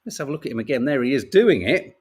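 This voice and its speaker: A man's voice: medium pitch, big pitch swings, quick pace, a little mellow, breathy edge. A middle-aged British man hosting a podcast, chatting wryly through newspaper stories with casual swearing and laughter. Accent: British English. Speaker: podcast host reading the papers. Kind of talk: casual chat.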